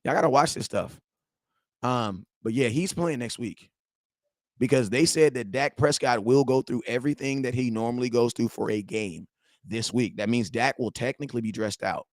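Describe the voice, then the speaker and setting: A man's voice: medium pitch, normal speed, dry recording. A young man hosting a sports talk stream, heated and slangy, repeating himself and talking straight to his viewers. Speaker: sports talk show host. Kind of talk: live-stream sports rant.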